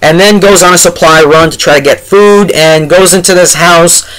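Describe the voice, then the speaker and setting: A man's voice: sits high, fairly even intonation, moderate pace, fairly bright tone, rough recording. A man giving a casual, rambling spoiler review of a TV episode, full of fillers and exasperated asides.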